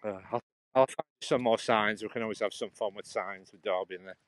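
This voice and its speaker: A man's voice: fairly low pitch, steady tone, a little fast, no room sound. Chatty man rambling on a walk. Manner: chatty, rambling, restarts often. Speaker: vlogger. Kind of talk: casual chat while walking. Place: outdoors in a churchyard.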